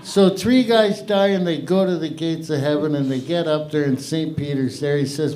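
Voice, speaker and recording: A man's voice: fairly high pitch, expressive, normal speed, few pauses, mellow, slight background noise. A middle-aged man hosting an open mic, telling a long stand-up joke in a rambling, profane way with lots of self-interruptions. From half English, half Irish. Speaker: open mic host and comedian. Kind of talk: stand-up comedy. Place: live comedy venue with audience.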